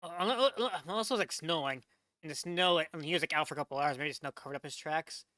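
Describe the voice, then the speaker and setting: Reacting to a video as a VTuber host, this man from the United States talks in a racing, fairly high, bright and forceful voice. His casual commentary rambles with stammered restarts, repetition, constant "like," swearing and disbelief, all recorded close and dry without any room sound.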